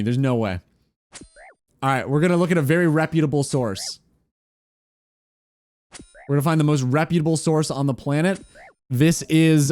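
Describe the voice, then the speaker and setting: A man's voice: on the high side, a little mellow. A man chatting casually on a gaming stream, teasing and mock-incredulous.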